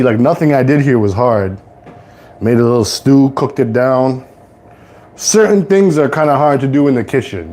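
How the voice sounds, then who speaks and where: A young man from Toronto hosting a casual live cooking stream, rambling to viewers in relaxed slang from his home kitchen. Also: mid-range voice, slight background noise. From Toronto, Canada. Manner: laid-back rambling slang-heavy talk to viewers. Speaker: livestream host.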